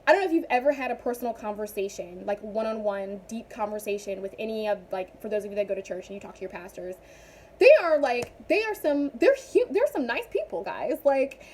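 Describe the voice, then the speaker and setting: A young woman chatting casually in a vlog, animated and rambling with frequent asides. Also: fairly high pitch, a little fast, a little hiss or hum. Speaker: vlogger.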